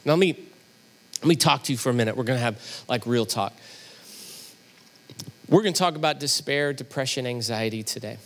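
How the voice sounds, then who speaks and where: A middle-aged man preaching a sermon, opening with a lively personal story in which he acts out both sides of a conversation. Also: medium pitch, brisk, long pauses. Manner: animated storyteller, acting out both sides of a dialogue. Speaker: pastor.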